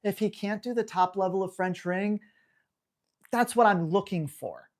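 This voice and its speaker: A man's voice: high voice, normal speed. A man hosting a live dog-training Q&A, talking bluntly and hammering home key words. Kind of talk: live Q&A stream.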